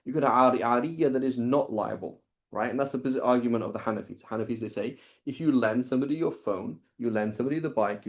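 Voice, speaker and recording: A man gives a relaxed lesson on Islamic law at a middle pitch. He talks in a chatty, conversational way, keeps checking in with listeners, and acts out short exchanges to illustrate each rule. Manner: conversational, illustrates points with quoted dialogue and rhetorical "right?". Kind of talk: casual lecture with anecdotes.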